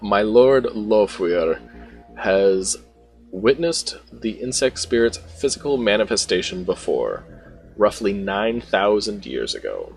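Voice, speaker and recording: A man voicing a slow, pompous male envoy of a dragon in a game, without putting on an accent. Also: fairly low pitch, big pitch swings, vocal fry, soft background music, full character voice, rough recording. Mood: solemn. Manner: reads game dialogue aloud without an accent.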